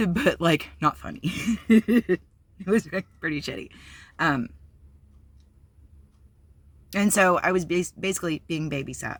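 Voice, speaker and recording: A woman's voice: lowish voice, unhurried, long pauses, no echo. A woman candidly telling a personal story on her vlog, blunt and profane, with many fillers. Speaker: vlogger.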